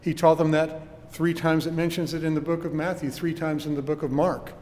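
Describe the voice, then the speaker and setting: A man's voice: on the high side, level tone, a little fast, a little mellow, long reverb tail. A man preaching a sermon with earnest emphasis and rhetorical questions, recorded in a church.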